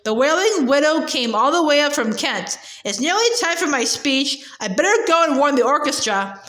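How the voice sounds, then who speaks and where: A woman voicing a proud, touchy gentleman ghost who speaks stiffly. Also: high-pitched, animated, moderate pace, roomy sound.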